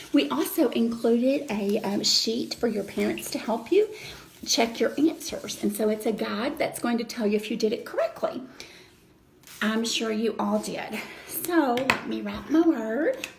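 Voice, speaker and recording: A woman teacher walks children through a reading lesson, patient and deliberate. Her voice sits a little high with a gravelly fry in it. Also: darkish tone, a little hiss or hum. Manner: slow, patient step-by-step explaining.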